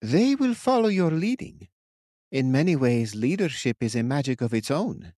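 A man's voice: medium pitch, moderate pace, darkish tone, dry recording, studio quality, pitched above the performer's own voice, close to an everyday voice. A man voicing a commanding female witch in an audiobook, speaking with cold certainty. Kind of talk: audiobook character voice.

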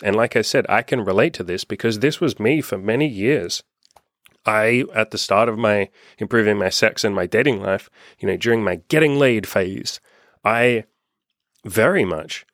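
A man's voice: fairly low pitch, no echo, clean studio sound. A young man coaching on dating, talking candidly and casually, acting out quoted texts and swearing freely. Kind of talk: casual monologue to camera.

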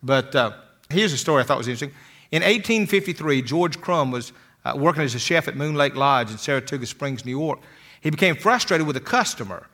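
Bright-voiced older man telling folksy stories. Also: fairly high pitch, lively intonation, a little fast. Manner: folksy storytelling, repeats words when starting sentences. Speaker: motivational speaker. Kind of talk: motivational talk with stories.

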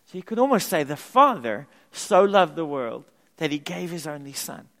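A man pastor preaching a sermon in a church, emphatic and animated, repeating key words for effect. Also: fairly high pitch, moderate pace. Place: church sanctuary. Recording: long reverb of a church hall.

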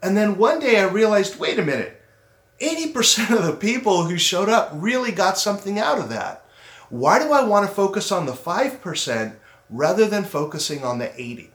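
A middle-aged man hosting a motivational self-esteem talk. He speaks earnestly, slows down to stress his points, and acts out his own inner critic. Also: high-pitched, sing-song, fairly bright tone. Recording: roomy echo.

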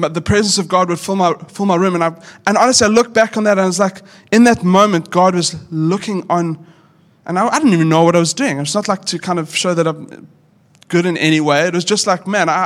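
High-voiced man preaching earnestly. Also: a bit bright. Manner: earnest, conversational preaching with frequent restarts. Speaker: pastor. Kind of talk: sermon.

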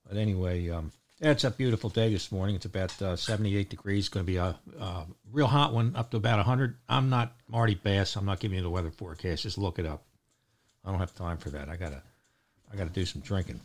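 An older man with a Baltimore accent talks through a loose morning chat as host. His voice sits a little low, and he rambles along, joking and filling gaps with ums and uhs. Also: fast talker. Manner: rambling, joking, with many fillers.

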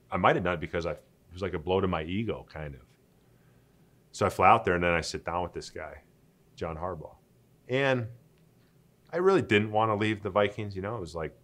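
A former pro athlete in his forties telling stories in an interview, lively and acting out the people he quotes. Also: low voice. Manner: animated, laughing, acting out quoted dialogue. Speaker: interview guest, former pro football player. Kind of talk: conversational storytelling.

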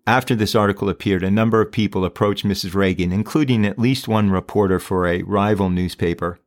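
A man's voice: fairly low pitch, a little fast. A man hosting a true crime podcast, talking emphatically and firing off rhetorical questions. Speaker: podcast host.

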